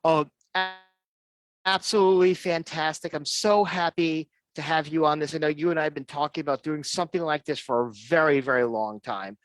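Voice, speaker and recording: With a voice on the high side and a slightly fast pace, a man runs an online fan-group show with no echo. He's chatty and enthusiastic, wandering off topic and restarting sentences often.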